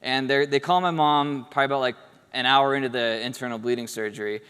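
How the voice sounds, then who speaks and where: Man, award speech, casual and humorous storyteller, smooth voice, reverberant hall. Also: mid-range voice, steady tone, fast, a bit bright. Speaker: award speaker. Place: event hall stage. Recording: echoey hall.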